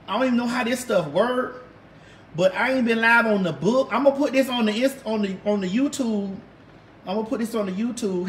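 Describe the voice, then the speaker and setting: Brash high-voiced woman in an echoey room. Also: brisk. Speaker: livestream host. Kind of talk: casual livestream chat with viewers. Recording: roomy echo.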